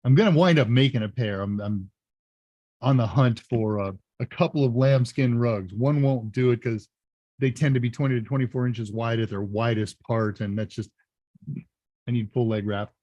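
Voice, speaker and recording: A man hosting a live Q&A stream, chatting casually and joking as he reads messages and thinks out loud. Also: mid-range voice, normal speed, no echo, dull audio. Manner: chatty, jokey, thinks aloud. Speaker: live Q&A host.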